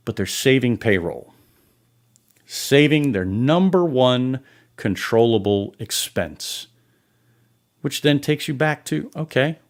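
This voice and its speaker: Man, low voice, profane rant, sarcastic and exasperated. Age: adult. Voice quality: sarcastic, exasperated, heavy swearing. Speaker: podcast host.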